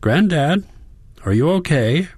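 A man's voice: fairly low pitch, sing-song, moderate pace, darkish tone, no echo, voice pushed up. A man voicing a worried young woman, a caring granddaughter, speaking earnestly and pleadingly in an audiobook.

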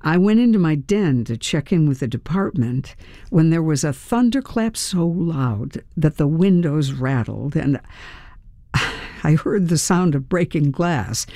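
A woman voicing a soft-spoken male police officer who talks quietly about his dog, in an audiobook. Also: deep voice, lively intonation, measured pace, dry recording, studio quality. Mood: subdued, worried. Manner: quiet, hushed. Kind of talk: audiobook character reading.

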